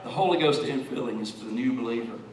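A man preaching a sermon as pastor, swinging from soft and intimate to loud shouting, with many repeated "and, and" restarts. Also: mid-range voice, fast talker, over a noisy crowd. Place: large church sanctuary. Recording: very echoey church hall, distant mic, congregation noise. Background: congregation.

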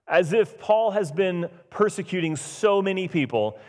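A man's voice: a little high, lively intonation, moderate pace, few pauses. A man preaching a casual, conversational sermon as pastor, acting out the voices in the scripture he reads. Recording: long church reverb.

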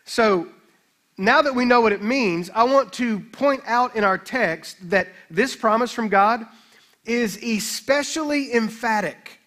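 A man pastor preaching a sermon, emphatic, with slow dramatic scripture readings. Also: very high-pitched, fairly bright tone.

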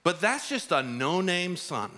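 A man preaching a sermon as pastor, telling stories in an animated way and rising to emphatic peaks. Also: high-pitched, unhurried.

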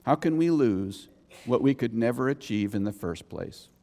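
Man, pastor, emphatic sermon, gravelly edges, echoing church hall. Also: moderate pace. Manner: animated, emphatic preaching with sudden high exclamations.

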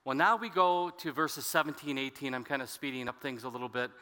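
A man's voice: mid-range voice, brisk, pushed and bright, in a large hall. A man preaching a sermon as pastor, explaining scripture with conversational asides to the congregation.

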